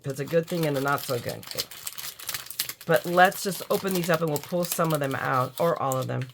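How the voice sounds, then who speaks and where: A woman's voice: sits low, normal speed, gravelly, background noise. A middle-aged American woman chatting casually while unboxing crafts, gushing and drowsy from allergy medicine. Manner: chatty, gushing, self-mocking, yawning. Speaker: crafting YouTuber.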